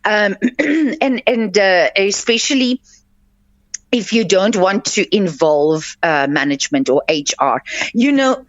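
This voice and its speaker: A woman's voice: mid-range voice, lively intonation, slow pace, no room sound. A woman life coach hosting a radio advice show, talking earnestly and instructively with many fillers and restarts. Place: radio studio. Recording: dull lo-fi, dry radio audio.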